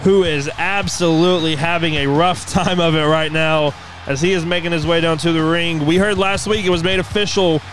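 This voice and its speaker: A man hosting and narrating as a commentator, calling the action play-by-play in an energetic announcing manner. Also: on the high side, normal speed, a little hiss or hum.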